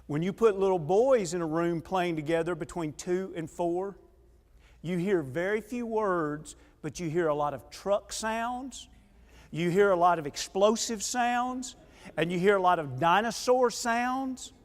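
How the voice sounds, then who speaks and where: High-voiced animated preacher in an echoey hall. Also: male voice, unhurried. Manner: animated storyteller, acts out quoted voices, drops quiet and earnest later. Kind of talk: sermon with personal stories. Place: church auditorium.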